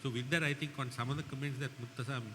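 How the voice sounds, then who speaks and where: A man's voice: mid-range voice, steady tone, rapid-fire. Sri male moderator in a hall. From Sri Lanka. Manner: casual and conversational, with fillers. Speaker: session moderator. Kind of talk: conference moderation. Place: large conference hall. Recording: hall reverb with faint noise.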